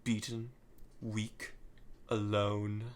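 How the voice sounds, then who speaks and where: Man putting on a sinister mocking phantom, low hushed sneer, slow delivery. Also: completely flat delivery, clean tone.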